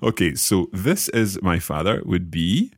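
A man with a low, deep voice that rises and falls a lot as he co-hosts a language lesson. He is curious, asks questions and echoes phrases back to check them. The sound is close and dry. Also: sing-song, unhurried. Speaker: learner co-host of a language lesson. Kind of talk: casual teaching dialogue.

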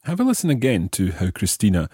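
A man hosting a language podcast, explaining phrases patiently and slowing down to model them. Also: fairly low pitch, huge pitch swings, dark tone, slightly rough, dry recording, clean studio sound. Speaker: language teacher and podcast host. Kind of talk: explanatory lesson narration.

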